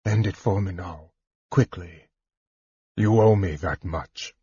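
A man voicing a weak, wounded male warrior who speaks softly and hesitantly. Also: mid-range voice, a little slow, husky, no room sound, distant mic. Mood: pleading. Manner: soft, hesitant. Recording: dull lo-fi dry recording.

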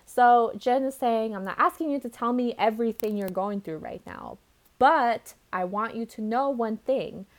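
A woman's voice: on the high side, unhurried. Chatty woman recounting a comic. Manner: chatty storyteller, slangy asides. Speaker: podcast co-host. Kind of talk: casual chat, recapping a webcomic.

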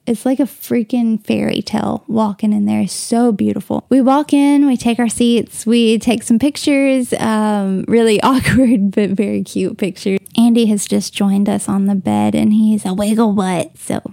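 A woman's voice: medium pitch, steady tone, moderate pace, creaky, few pauses, mellow, no echo, studio quality. A young woman hosting a casual solo podcast from home, gushing and emotional, tearing up at times. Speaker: podcast host. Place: bedroom at home, on the bed.

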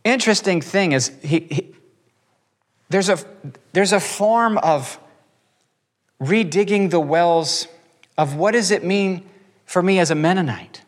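Male preacher guest, higher voice, animated storyteller, long-reverb room. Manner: animated, acts out quotes, quick bursts. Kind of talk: storytelling testimony in conversation.

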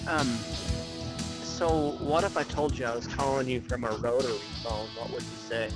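A man's voice: mid-range voice, moderate pace, over music, low-quality recording. A man co-hosting a podcast by cell phone, chatting casually, rambling and giggling with lots of fillers. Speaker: podcast co-host. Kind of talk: casual chat.

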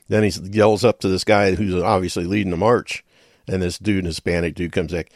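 Low gravelly-voiced male radio host. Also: fairly even intonation, moderate pace, no room sound, studio quality. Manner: folksy, rambling, with chuckles and muttered asides. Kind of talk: casual rambling talk show monologue.

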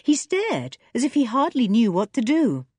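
A woman narrating a children's adventure book in an expressive reading voice. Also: a little high, moderate pace, slightly rough, no room sound. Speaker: audiobook reader. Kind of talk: storybook narration.

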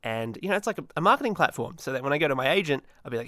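A man hosting his own solo podcast, rambling in a manic, self-mocking way with many restarts and dark deadpan jokes. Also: on the high side, racing, no echo, studio quality. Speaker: podcast host.

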